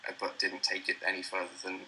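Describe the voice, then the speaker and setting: Deep, flat-voiced young British man. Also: quick pace, slight background noise, rough recording. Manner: relaxed, self-deprecating, chuckles often. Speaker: guest. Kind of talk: casual interview chat. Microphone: computer mic over a voice call.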